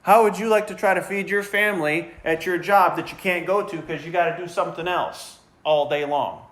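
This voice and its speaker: Man, pastor, sermon, conversational, animated, slightly higher voice. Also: brisk. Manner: animated, acts out complaining voices; casual, conversational preaching.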